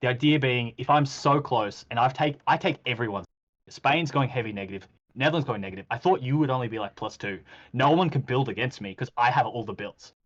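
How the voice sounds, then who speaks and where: A man talks casually and keeps slipping into acted-out quotes, with frequent ums and restarts. His voice sits at an ordinary middle pitch. The sound is a little dull and lo-fi. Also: fairly quick. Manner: animated storytelling, acts out quoted exchanges, frequent ums. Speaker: podcast host reviewing a game. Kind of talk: casual game recap chat.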